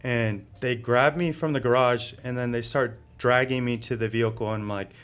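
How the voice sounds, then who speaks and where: A man's voice: medium pitch, steady tone, normal speed, a bit bright, clear, resonant tone. A man guest telling his story in casual conversation, laughing often and filling with "like". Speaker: interview guest.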